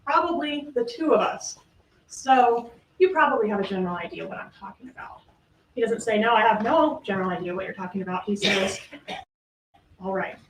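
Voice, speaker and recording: Delivering her closing argument, a female prosecutor challenges the jury with sharp rhetorical questions, pausing for emphasis. She speaks in a mid-range voice with lively intonation, captured from far off in an echoey courtroom with slight hiss or hum.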